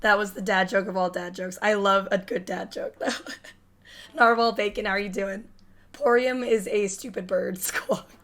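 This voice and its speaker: A chatty, jokey young woman streaming a game and talking casually to her viewers. Her voice sits at a middling pitch. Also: little pitch movement, normal speed, a bit bright. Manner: chatty, jokey, reading chat aloud. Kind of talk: casual live-stream commentary.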